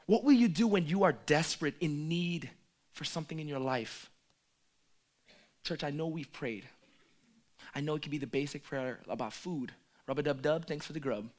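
A man preaching a sermon, swinging from hushed asides to loud, emphatic calls. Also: on the high side, fairly quick.

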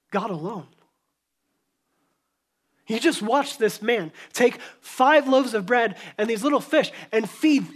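A man pastor preaching a sermon in a church, telling the story conversationally, acting out voices and dropping to a hushed tone. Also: extremely high pitch.

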